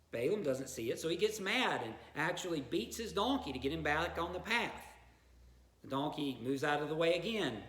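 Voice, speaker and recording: A man's voice: on the high side, a bit bright. A man, a pastor, preaching a sermon in a conversational storytelling way, with asides to his listeners. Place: church. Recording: echoey room.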